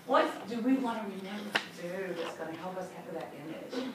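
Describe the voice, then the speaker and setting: A woman's voice: medium pitch, normal speed, hardly any pauses. A woman trainer leading a classroom training session, upbeat and chatty, acting out little scenes. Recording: echoey room from far off, noisy.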